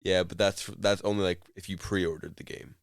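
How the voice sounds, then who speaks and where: A man's voice: sits low, steady tone, fairly quick, no echo, clean studio sound. A man co-hosting a casual chat show, rambling through a story with fillers. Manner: rambling retelling with fillers and laughs. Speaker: co-host.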